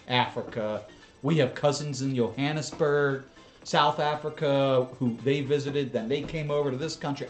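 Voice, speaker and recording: An American man chatting casually as he watches drone footage with his viewers, rambling through asides and chuckles. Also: mid-range voice. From United States. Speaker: channel host. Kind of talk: casual reaction commentary.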